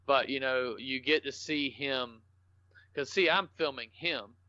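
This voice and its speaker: A man's voice: mid-range voice, unhurried, bright, forceful tone, dry recording. A man, a podcast guest telling rambling, salty, joking stories in casual talk. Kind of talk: casual storytelling interview. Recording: dull lo-fi podcast audio.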